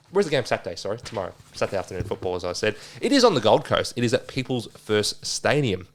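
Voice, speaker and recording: A man hosting a casual sports betting preview, chatty and excitable, correcting himself with quick asides. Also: mid-range voice. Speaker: sports tipping podcast host.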